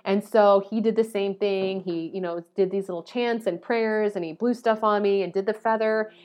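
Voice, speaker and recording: Young adult woman, vlogger, casual storytelling, animated, chatty, middle pitch. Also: normal speed, clear, resonant tone. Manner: animated, chatty, heavy use of "like".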